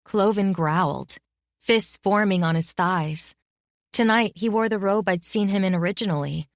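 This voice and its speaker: Woman narrating an audiobook, lowish and dry. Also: no echo. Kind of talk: scripted narration.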